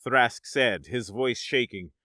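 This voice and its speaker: Male narrator, bright forceful tone, dramatic storytelling, very dry close sound. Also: medium pitch, slow, no echo. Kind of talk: scripted audiobook narration.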